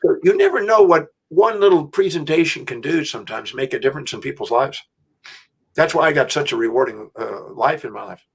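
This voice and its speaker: Animated, emphatic man telling a story. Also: a little high, a little fast, vocal fry, breathy edge. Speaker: interview guest, educator. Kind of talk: storytelling anecdote.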